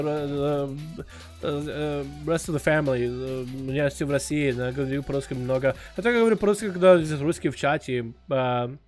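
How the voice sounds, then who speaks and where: A man from Russia chatting casually on a game livestream, excitable and swearing, swinging from quiet mumbles to loud bursts. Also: medium pitch. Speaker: game streamer. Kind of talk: casual gaming livestream chat.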